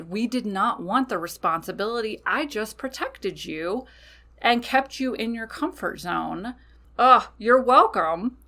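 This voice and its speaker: A woman's voice: fairly low pitch, a bit bright. A woman hosting a podcast, explaining things casually and emphatically, often checking in with "okay?". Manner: chatty, frequent "okay?", emphatic. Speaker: podcast host, witch. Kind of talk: casual spoken teaching.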